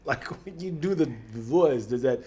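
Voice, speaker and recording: A man's voice: mid-range voice, animated, slow, darkish tone. A man co-hosting a casual podcast chat, laughing often and slipping into playful put-on voices. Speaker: podcast co-host.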